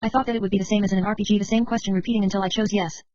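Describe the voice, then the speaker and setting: A woman narrating a novel in the first person at a quick clip, her voice pitched right in the middle. The recording is dry and a little muffled, with no room sound around her. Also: steady tone, darkish tone, no echo. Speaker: audiobook reader.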